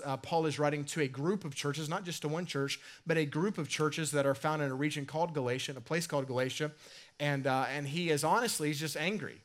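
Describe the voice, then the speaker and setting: Pastor, middle-aged man, slightly high voice, casual and self-deprecating sermon delivery that restates key lines. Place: church sanctuary.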